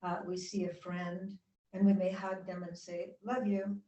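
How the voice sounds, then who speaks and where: A woman giving a spiritual talk to a congregation, guiding them gently and chatting with the audience. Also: fairly low pitch, completely flat delivery, moderate pace, recorded from a distance, lo-fi sound. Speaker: guest speaker. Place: church hall. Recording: roomy hall sound from off-mic.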